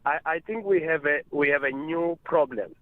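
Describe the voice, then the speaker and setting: A man's voice: fairly high pitch, normal speed. A man with a South African accent calling in to a radio show, complaining in an indignant, emphatic way. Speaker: caller. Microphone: phone. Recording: tinny phone line.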